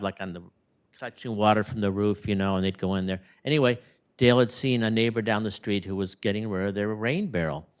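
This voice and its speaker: A man speaking at a memorial service in a retirement community room, telling rambling, animated stories about a late neighbor. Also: on the low side. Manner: rambling, animated anecdotes with acted-out quotes. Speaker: neighbor giving a eulogy.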